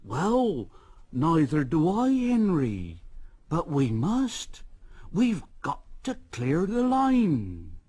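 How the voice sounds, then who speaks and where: A man voicing a kindly male engine driver who talks in a gentle, encouraging way in a storybook reading. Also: fairly high pitch, huge pitch swings, very slow, breathy edge, dry recording, voice pushed up, exaggerated voice. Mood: coaxing.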